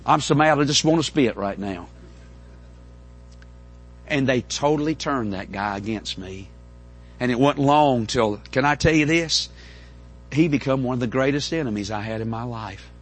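Pastor, middle-aged, husky voice, folksy storytelling sermon with stammered restarts. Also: male voice, medium pitch. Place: church in front of a congregation.

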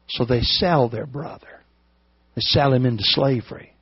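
A man preaching a sermon in a folksy storytelling way that swells into shouts. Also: mid-range voice, normal speed, husky, dry recording, highs cut off.

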